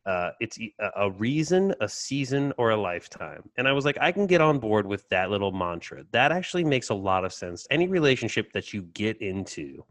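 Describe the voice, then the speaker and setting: A man's voice: lowish voice, very animated, fairly quick, few pauses, a bit bright, no echo. A man co-hosting a casual chat over a video call, joking and telling stories with animation. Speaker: podcast co-host.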